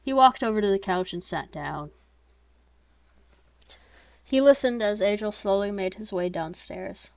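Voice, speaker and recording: A woman reading her own story aloud in a plain, steady voice, now and then breaking into chatty, self-mocking asides. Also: mid-range voice, a little slow, long pauses, no room sound.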